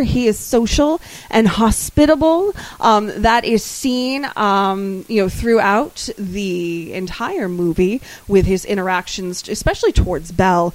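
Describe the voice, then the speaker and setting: A higher-pitched woman chatting casually as a podcast co-host, meandering through her thoughts and stopping often to find the right word. Her voice sounds close and dry, with no room around it. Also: no room sound, rough recording. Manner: rambling, searching for words, laughs easily. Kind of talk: casual chat.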